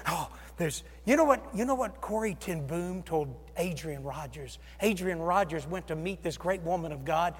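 A male pastor preaching a sermon, with dramatic swings from loud exclamations to hushed near-whispers. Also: on the high side, animated, moderate pace, few pauses, husky. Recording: long reverb of a large hall.

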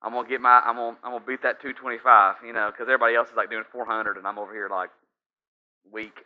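A man's voice: medium pitch, level tone, quick pace. A man preaching a sermon in a conversational, storytelling way, with frequent asides to the listeners. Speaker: pastor. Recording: slightly dull lo-fi sound.

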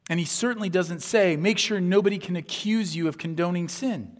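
Higher-voiced preacher in a reverberant hall. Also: male voice, brisk. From upper Midwest of the US. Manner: conversational, rhetorical asides, acts out quoted voices. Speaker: pastor. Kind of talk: sermon.

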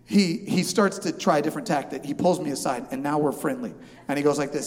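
A man delivers a humorous sermon as a pastor, acting out a haggle with lively back-and-forth voices. His voice sits slightly high. The sound carries a long reverb, as in a large church. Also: brisk. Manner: animated, acts out both sides of a haggle.

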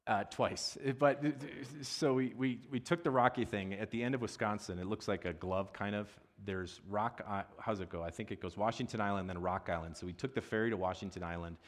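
A man preaching in a loose, conversational way, full of asides and questions thrown out to the congregation. His voice sits a little low for a man. He is a pastor who pokes fun at himself as he talks. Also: brisk, few pauses. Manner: chatty and self-deprecating, with frequent asides and audience questions. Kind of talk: conversational sermon.

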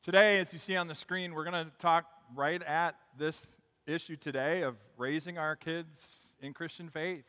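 Pastor guy, fairly high and bright, chatty and upbeat, church hall with a long echo. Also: steady tone, moderate pace, hardly any pauses. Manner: conversational, upbeat, tells jokes and stories. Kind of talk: sermon. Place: church sanctuary.

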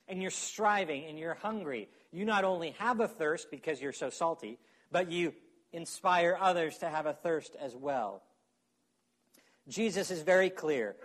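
A man preaching a sermon in a conversational way, often checking in with his listeners. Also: fairly high pitch. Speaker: pastor.

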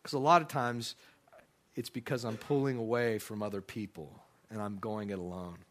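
Bright-voiced pastor telling a story. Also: male voice, fairly low pitch, moderate pace. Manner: animated storyteller, quotes others in lively voices, many restarts. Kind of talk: sermon storytelling.

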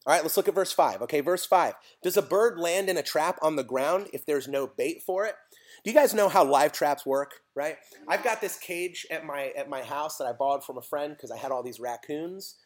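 A man's voice: fairly high pitch, normal speed. A man preaching a casual sermon, chatty and joking, asking his listeners questions.

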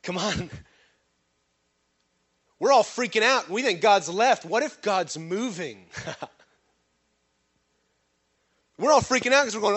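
A man's voice: animated, measured pace, long pauses, fairly bright tone, husky. A man preaching a sermon, questioning his congregation and drawing responses from them. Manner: acts out quoted voices with sudden pitch jumps. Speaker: pastor.

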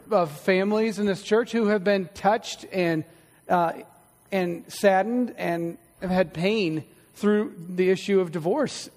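A man's voice: high voice, in a large hall. A middle-aged male pastor preaching a sermon in a church, conversational and storytelling, with self-deprecating humor. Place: church sanctuary.

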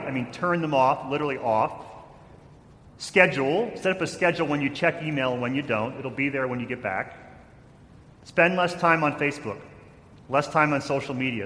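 A male pastor delivering a sermon in a church, his voice ringing through a long, echoey hall. He tells stories, now louder, now quieter, and acts out the lines of people in them. A faint noise sits under the room. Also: medium pitch. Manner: storytelling with shifts in loudness, acting out quotes.

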